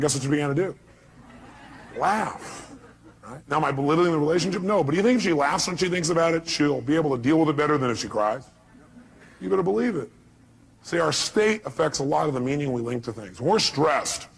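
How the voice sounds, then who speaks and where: A man's voice: fairly high pitch, vocal fry, a little hiss or hum. A man giving a live motivational seminar talk, speaking emphatically and bluntly and firing rhetorical questions at the audience. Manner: blunt, occasional profanity.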